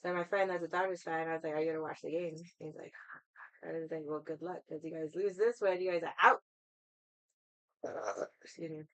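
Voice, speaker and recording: A woman's voice: deep voice, fairly even intonation, quick pace, a little mellow, rough recording. A woman hosting a casual stream, chatting with her viewers in a rambling way and swearing freely. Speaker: livestream host chatting with viewers. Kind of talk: casual chat.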